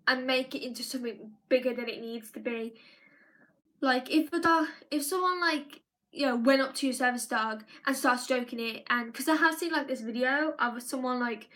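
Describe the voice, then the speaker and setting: A woman's voice: sits high, fairly bright tone. A young woman in a casual live-stream monologue, rambling and restarting her sentences often. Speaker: live vlogger.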